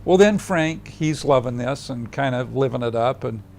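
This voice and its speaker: An older man tells a personal story in an interview with a mid-range voice. He is animated and acts out other people's lines, then drops to a hushed voice for the tender parts. He is recorded on a close mic, with a faint hum in the room behind him. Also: mid-range voice, moderate pace, gravelly.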